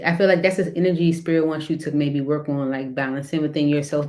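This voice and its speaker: Low-voiced woman giving a casual tarot reading. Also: a little mellow. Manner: rambling, filler-heavy, laughs between cards. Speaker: tarot reader.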